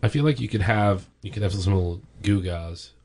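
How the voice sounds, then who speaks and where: Casting: deep-voiced co-host, relaxed, casual chat. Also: a little fast.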